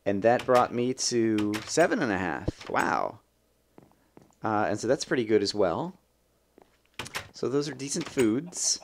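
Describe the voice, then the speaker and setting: Young male let's-play host, low-pitched, casual thinking-aloud commentary, light noise floor. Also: measured pace, vocal fry, long pauses. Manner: chatty, thinks aloud, bursts of excitement. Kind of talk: gameplay commentary.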